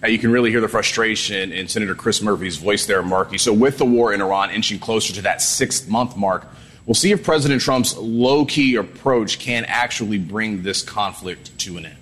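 A male Washington correspondent giving a live news report in a measured, steady way. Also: lowish voice, breathy edge. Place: outdoors at the White House.

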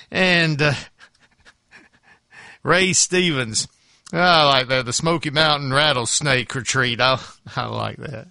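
Folksy Southern radio host, lively pitch. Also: male voice, no room sound, studio quality. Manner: folksy, rambling. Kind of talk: casual radio chat.

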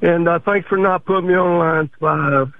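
High-voiced male caller on a tinny phone. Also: fairly even intonation, moderate pace, no room sound. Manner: blunt, irritated ranting. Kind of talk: phoned-in complaint.

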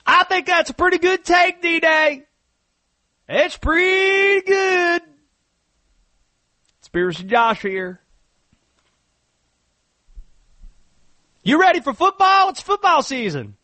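A man voicing an excitable, conspiracy-minded Cajun sports fan with a Cajun accent, rambling hot takes. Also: fairly quick, hardly any pauses, no room sound, heavily acted. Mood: hyped. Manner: loud, high-pitched, rambling hot takes. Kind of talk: sports radio bit.

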